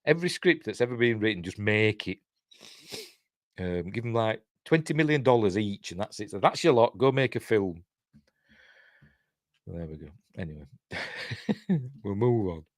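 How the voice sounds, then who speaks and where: A man's voice: fairly low pitch, animated, normal speed, long pauses, no room sound, studio quality. A middle-aged man with a Yorkshire accent, hosting a live news stream in rambling, self-correcting casual commentary. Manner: rambling, self-correcting, chuckles at his own jokes.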